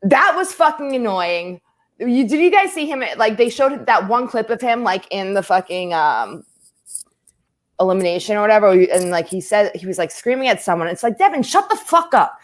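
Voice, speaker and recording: A woman's voice: medium pitch, very animated, moderate pace. A woman hosting a podcast, chatting casually and ranting bluntly with heavy swearing. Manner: blunt and heavily profane, ranting. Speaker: podcast host. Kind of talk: casual chat.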